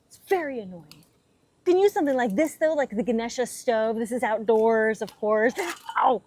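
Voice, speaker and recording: Playful higher-voiced woman cooking vlogger. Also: normal speed, a little mellow. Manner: playful, joking, chatty demonstrating. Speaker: host. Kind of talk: casual cooking vlog. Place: outdoors at a cabin.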